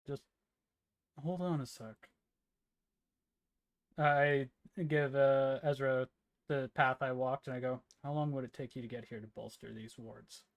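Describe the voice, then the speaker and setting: A man's voice: mid-range voice, fairly even intonation, a little slow, pauses often. Laid-back man playing a tabletop game. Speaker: player. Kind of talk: casual tabletop role-play.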